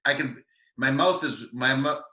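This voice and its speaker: Canadian dude gushing over whisky, bright sharp voice, lots of ums, roomy echo. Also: male voice, mid-range voice. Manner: enthusiastic, halting with many fillers. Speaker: co-host of a whisky tasting show. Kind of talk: casual tasting chat.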